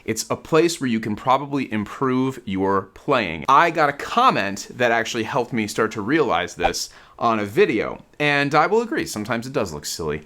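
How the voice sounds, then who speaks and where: Man teaching guitar, conversational, animated pitch, demonstrates as he talks. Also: normal speed, hardly any pauses. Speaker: guitar teacher and channel host. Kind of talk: casual guitar lesson to camera.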